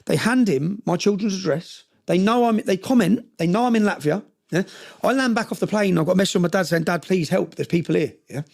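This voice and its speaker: A man's voice: high voice, fairly quick, creaky, a little mellow. A man telling a story intensely in an interview, often checking in with "yeah?" and acting out what others said. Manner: recounting with quoted dialogue. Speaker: interview guest.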